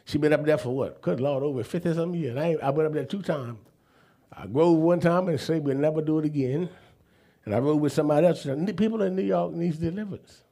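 A man, preaching a sermon and telling stories in an animated, folksy, emphatic way. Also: fairly high pitch, fast talker. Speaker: apostle preaching.

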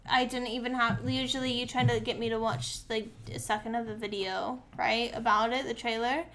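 A woman co-hosting a casual movie podcast, recapping the plot in an animated way and acting out the characters' lines. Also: fairly high pitch, a little fast. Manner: animated storyteller, acts out quotes. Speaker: podcast co-host.

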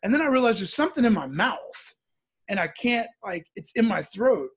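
A man from the US Midwest telling a personal story in casual speech, animated and acting out the voices as he goes. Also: sits high, normal speed, slightly rough.

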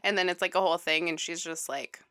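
A woman in a casual podcast chat, speaking in a measured, thoughtful way. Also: fairly low pitch, level tone, fairly bright tone, slight background noise.

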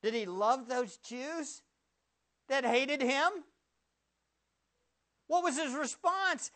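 A male pastor preaching a sermon, firing rhetorical questions at the congregation and swinging from loud bursts to hushed words. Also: very high-pitched, extremely slow, pauses often.

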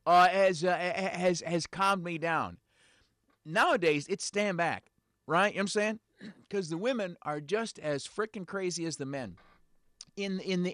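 A man's voice: fairly high pitch, no room sound. A man hosting a talk radio show, delivering a sarcastic, rambling monologue with plenty of filler words into a studio mic. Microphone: studio mic with headphones.

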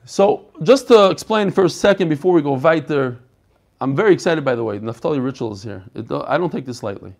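A man teaching an online Talmud class over a video call, animated and quizzing his students. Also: on the high side, a little fast, creaky. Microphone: computer mic on a video call.

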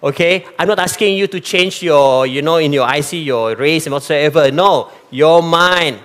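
Here an East Malaysian man from Sarawak preaches at a normal speed, his voice on the high side and his accent Malaysian. Animated and addressing the congregation directly, he drops Malay phrases into the sermon.

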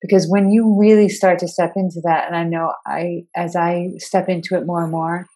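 A woman's voice: lowish voice, little pitch movement, normal speed, dark tone. A woman hosting a podcast interview, chatty and enthusiastic in a casual conversational way. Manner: chatty and enthusiastic, with many fillers like "like". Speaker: podcast host.

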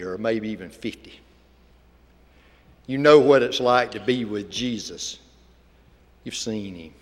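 A man speaking to a church congregation as a visiting ministry speaker, telling a folksy story and then making an earnest appeal. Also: fairly low pitch. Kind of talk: sermon with storytelling. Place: church sanctuary. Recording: reverberant church hall.

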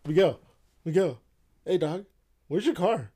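A man's voice: high voice, animated, measured pace, warm tone, breathy edge. A man co-hosting a casual podcast, telling a story in a laid-back, profane way and acting out what people said. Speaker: podcast co-host.

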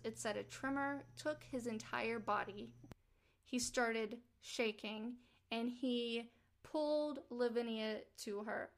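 A woman with a slightly high voice retells a true-crime story in a relaxed, chatty podcast style. She drifts between narration and quick acted-out quotes, with asides to her co-host. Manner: chatty, acts out quotes with rising pitch.

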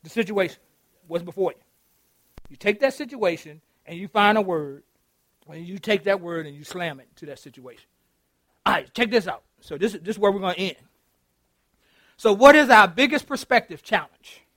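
High-voiced, animated preacher man. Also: normal speed, long pauses, no room sound. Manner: animated, laughing, calls out to the congregation. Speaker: pastor. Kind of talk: interactive sermon. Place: church.

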